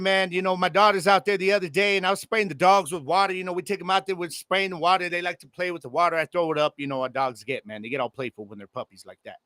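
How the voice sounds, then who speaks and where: A man in his forties hosts a casual football podcast from his home, chatting straight to his listeners in a loose, excitable way full of slang. His voice is bright and forceful and sits a little high for a man. The sound is dry and close, with no room echo. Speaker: podcast host. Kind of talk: casual sports podcast monologue. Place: home room with air conditioning.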